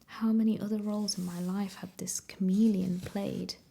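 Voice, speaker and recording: A woman reading a novel aloud as an ASMR reader, in a soft whispered role-play. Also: medium pitch, flat delivery, moderate pace, gravelly, slight background noise.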